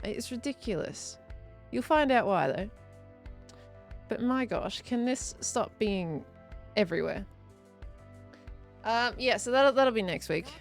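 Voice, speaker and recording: An Australian woman in her thirties chatting casually on a live game stream, greeting viewers and reading their comments aloud. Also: on the high side. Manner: chatty, greets viewers and reads chat aloud, frequent laughs. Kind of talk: casual live-stream chat while playing.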